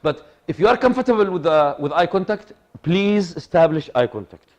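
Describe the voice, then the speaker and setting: A male lecturer, talking to a class in a voice that sits high for a man. He is animated and repeats his points, checking again and again that his listeners are following. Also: normal speed. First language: Arabic. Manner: animated, repeats himself, asks the audience for agreement.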